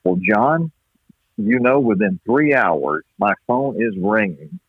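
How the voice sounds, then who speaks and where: Guest announcer, male, from East Texas: low voice, rambling folksy storyteller, heard on a dry phone call. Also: wildly swooping pitch, creaky, husky, no echo. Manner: folksy, unhurried storyteller with many restarts. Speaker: baseball play-by-play announcer, guest. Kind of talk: storytelling interview chat. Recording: dry tinny phone-line sound.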